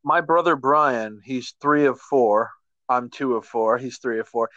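A man's voice: medium pitch, fairly even intonation, unhurried, bright, forceful tone, no echo, dull audio. A man in casual chat, joking and riffing on his co-host's stories.

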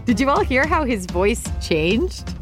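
A woman's voice: fairly high pitch, sing-song, measured pace. A woman hosting a music lesson for kids, encouraging viewers at home to sing along. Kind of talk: upbeat kids' music lesson.

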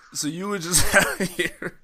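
A man co-hosting a podcast in casual chat, reacting to a friend's stories with slow, laughing disbelief. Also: high voice, bright, forceful tone. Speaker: podcast co-host.

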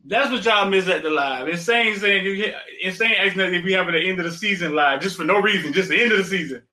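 A man's voice: high-pitched, fast talker, sharp tone. A man hosting a show, talking in loose, slangy banter. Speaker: podcast host. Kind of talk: casual chat.

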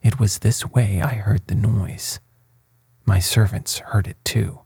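A man's voice: fairly low pitch, dry recording, heavily acted. A man reading a wrathful tyrant prince. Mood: angry. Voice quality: hushed, breathy. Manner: slow, even storybook delivery.

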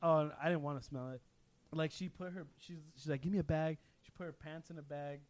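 Young guy on a podcast, highish voice, laughing thru a story, swears a lot. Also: a little fast. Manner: animated storyteller, laughs often, swears freely. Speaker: podcast co-host. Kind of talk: casual chat, telling a story.

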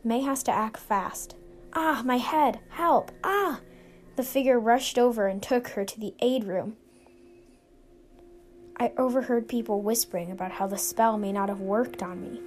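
A woman's voice: a little high, normal speed, darkish tone, a little hiss or hum. A woman hosting a show, narrating a scripted suspense story in an earnest, suspenseful way. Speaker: storyteller and podcast host. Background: music.

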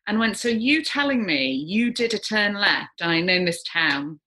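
This is a middle-aged woman, a psychic medium recounting an uncanny experience in conversation. Her voice is bright and forward, and she tells it with lively storytelling energy. She gasps and swoops her pitch to play the people in her tale. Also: normal speed. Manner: lively, gasping, acts out quoted voices.

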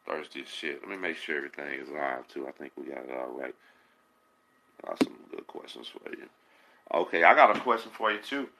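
A man hosting a casual live stream, urging viewers in relaxed slang. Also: extremely low pitch, brisk, creaky, slight background noise, low-quality recording.

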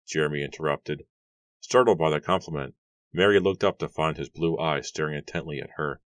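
A man reads an audiobook in an even, steady storytelling manner. His voice is very deep, and the recording is close and dry with no room sound. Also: a little fast, no echo. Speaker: audiobook narrator. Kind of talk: scripted narration.

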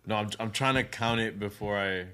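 A man co-hosting a podcast, talking casually and excitedly, laughing often and calling friends bro. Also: on the low side, moderate pace, clean tone. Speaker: podcast co-host. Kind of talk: casual chat.

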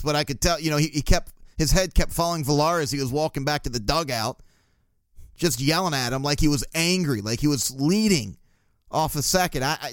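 A man's voice: fairly high pitch, fairly bright tone, dry recording. A man hosting a casual solo sports podcast, ranting bluntly and crudely with frequent laughs. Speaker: podcast host.

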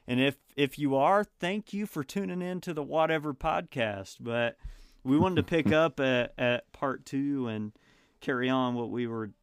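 A man's voice: mid-range voice, measured pace, clean tone, no room sound, studio quality. A man in his thirties hosting a casual podcast, a father of two, talking in a rambling, friendly way with frequent restarts. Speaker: podcast host.

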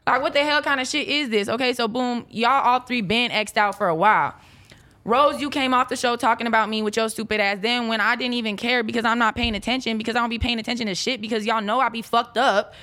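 A woman in her twenties, a former reality show cast member, venting in a brash, profane, rapid-fire rant during a casual chat. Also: a little high, fairly even intonation, sharp tone. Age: 20s.

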